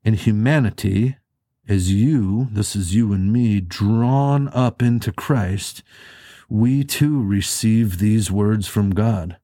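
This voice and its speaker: A man's voice: fairly low pitch, slow pace, dark tone, no echo, studio quality. A man preaching a sermon in an earnest, conversational way, asking the listeners rhetorical questions. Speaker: pastor.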